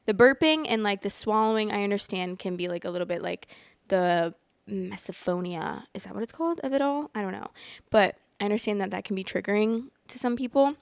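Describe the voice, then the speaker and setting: Rambling woman host with a gravelly, smooth voice. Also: medium pitch, a little fast, dry recording. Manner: rambling and apologetic, many fillers like "like"; often yawns while talking. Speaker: podcast host reading online stories. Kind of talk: casual chat and story reading. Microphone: close microphone.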